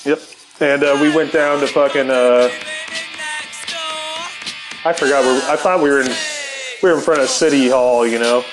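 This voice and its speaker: A man's voice: medium pitch, fairly even intonation, moderate pace, pauses often, over music, rough recording. A middle-aged man telling a rambling, profane anecdote and laughing often. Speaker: storyteller. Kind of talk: casual anecdote.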